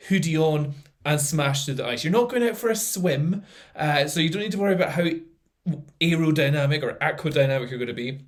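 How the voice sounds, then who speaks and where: Chatty man, fairly high voice. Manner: chatty, laughs at what he sees, trails off with fillers. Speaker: vlogger commenting on a video. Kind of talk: casual spoken commentary.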